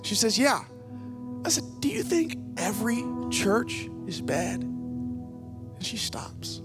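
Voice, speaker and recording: A man's voice: high-pitched, slow, loud music behind the voice. A young man preaching in a church, telling personal stories and acting out the dialogue in them. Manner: animated, acts out dialogue in his stories. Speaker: guest speaker. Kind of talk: storytelling sermon. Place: church stage.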